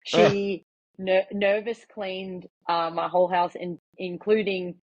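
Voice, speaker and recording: A woman's voice: medium pitch, little pitch movement, takes it slowly. A young Australian woman telling stories in a chatty, laughing way as a podcast guest. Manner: chatty, with many fillers and laughs. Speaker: guest, professional MMA fighter. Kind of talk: casual podcast storytelling. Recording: slightly muffled podcast audio.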